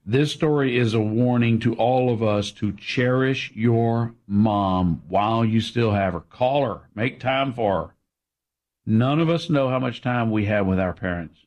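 A man reading a scripted narration in a steady, advising tone. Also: mid-range voice, measured pace.

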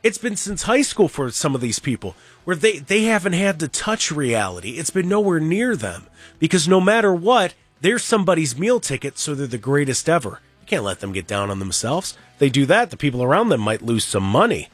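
A man hosting a sports talk radio show, talking in an animated, rambling, opinionated way and mocking the people he talks about. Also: on the high side, brisk, husky, dry recording, faint music behind. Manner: animated, rambling, mocking, with mimicked crowd voices. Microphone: studio microphone.

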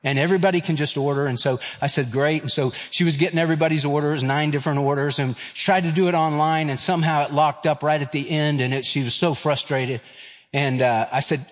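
A man's voice: a little high, steady tone, a little fast, big-room sound. A man in his fifties, a pastor giving a sermon, telling a personal story with humor and acting out voices. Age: 50s. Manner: storytelling, acts out voices, self-deprecating humor.

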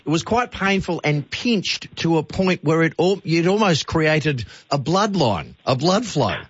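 An Australian man hosts a radio interview with easy enthusiasm and casual slang, laughing often. His voice sits a little high. The studio sound is dry and slightly dull. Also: sing-song, unhurried, slightly rough, dry recording. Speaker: radio host.

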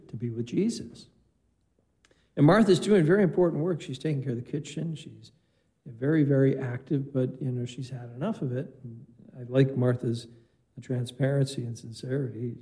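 Mellow-voiced priest giving a chatty homily. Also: male voice, medium pitch, poor audio. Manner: conversational storytelling with quoted dialogue. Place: chapel.

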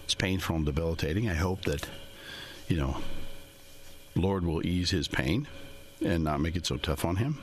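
A man's voice: low-pitched, lively intonation, normal speed, pauses often. A man in financial services giving a casual, rambling talk to his listeners, folksy in manner and chuckling often.

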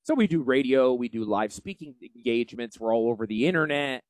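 A man with a Yankee accent hosting a financial show, brash and salesy in a folksy promotional pitch. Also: expressive, fairly quick, dry recording. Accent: Northeastern US. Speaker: financial advisor and show host. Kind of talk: promotional radio talk.

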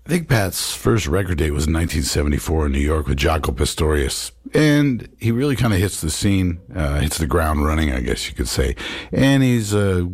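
A man's voice: very deep voice, very animated, normal speed, darkish tone, breathy edge, no room sound, studio quality. A man hosting a jazz radio show, musing in a loose, rambling way with plenty of fillers as he talks about records.

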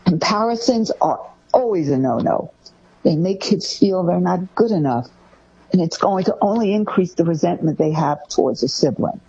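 A woman's voice: on the low side, expressive, normal speed, dark tone, slightly rough, lo-fi sound. A woman hosting a talk show, giving parenting advice and acting out the phrases parents say to their kids. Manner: acts out parents' phrases in a raised voice. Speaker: host.

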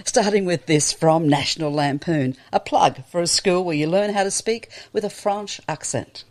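A woman's voice: fairly low pitch, moderate pace, darkish tone. A woman hosting a radio comedy show, presenting in a bubbly, scripted way.

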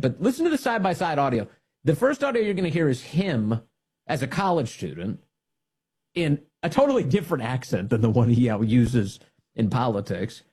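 Husky, sarcastic male radio host. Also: on the high side, a little mellow. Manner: sarcastic, scornful, laughs at his targets. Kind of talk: mocking political commentary.

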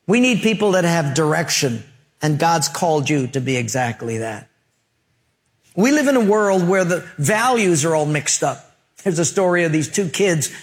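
Animated preacher man with a high voice. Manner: humorous, acts out voices, drops low for emphasis. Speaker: pastor. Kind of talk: sermon.

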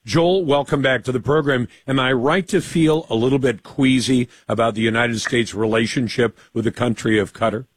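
A man hosting a radio talk show, brisk and conversational as he puts long questions to his guest. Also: mid-range voice, breathy edge, no echo.

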